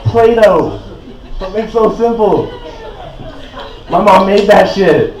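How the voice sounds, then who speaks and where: A man's voice: high-pitched, a little slow. Young man, Canadian, stand-up comic, rambling casual delivery, echoey stage sound. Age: 20s. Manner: laid-back and rambling, full of "like" and "uh". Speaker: stand-up comedian. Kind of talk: stand-up comedy set. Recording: roomy echo, voice from a distance.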